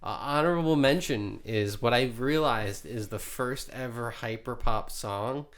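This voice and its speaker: A man's voice: mid-range voice, measured pace, fairly bright tone. A man co-hosting a podcast, trading laid-back joking banter. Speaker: podcast co-host. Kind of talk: casual chat.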